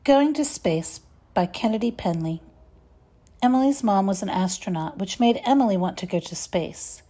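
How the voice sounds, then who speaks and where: A woman reading a children's story aloud, expressive and measured. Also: mid-range voice. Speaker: reader.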